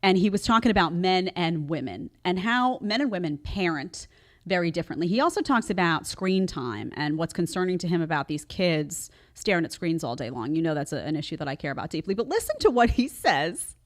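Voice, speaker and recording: A woman's voice: on the low side, big pitch swings, a little fast. A middle-aged woman hosting a podcast, talking in an emphatic, chatty way as she comments on a clip. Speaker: podcast host. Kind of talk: casual social commentary.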